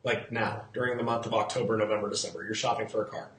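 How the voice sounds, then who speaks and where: A man's voice: fairly low pitch, level tone, fast, fairly bright tone, echoey room, slight background noise. A man in real estate hosting a live-streamed market talk, chatty, repeating key figures and quizzing his viewers. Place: outdoors in the sun.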